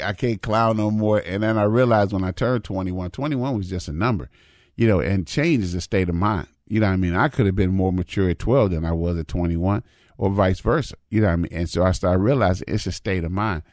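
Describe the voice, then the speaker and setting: Man, 50s, very low voice, dry close sound; easygoing folksy storyteller. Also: fairly quick, a little mellow, dry recording. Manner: folksy, repetitive, says "man" and "you know what I mean". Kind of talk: casual storytelling monologue.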